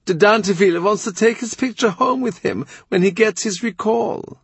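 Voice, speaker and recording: A man's voice: high-pitched, normal speed, gravelly, slightly rough, dry recording, pitched above the performer's own voice, heavily acted. Field: audiobook. Figure: a man doing an eager court painter. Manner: keen, pushy, hopeful.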